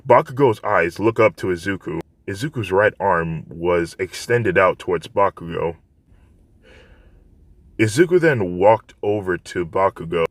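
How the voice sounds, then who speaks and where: A man's voice: sits low, lively intonation, unhurried, dry recording. A man narrating a fan fiction story in a plain, unpolished storytelling way, with frequent restarts.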